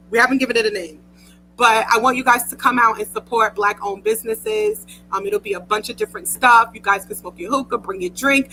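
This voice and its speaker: Woman, talk show host, young, chatty, giggly, bright tone. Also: sits high, slight background noise, rough recording. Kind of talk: casual chat.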